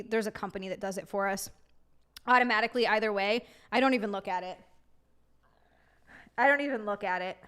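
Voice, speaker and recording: A woman's voice: medium pitch, a bit bright, clear, resonant tone. A young woman live streaming, chatting casually with viewers, reading comments and ranting with exasperation. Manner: ranting, reads chat aloud and greets viewers.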